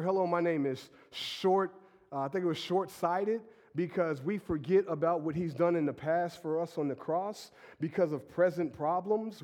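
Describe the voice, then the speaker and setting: A man who is a pastor and is sick, preaching a casual, energetic sermon full of fillers and laughs. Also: fairly high pitch, long reverb tail. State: sick with a stuffy nose. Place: church sanctuary.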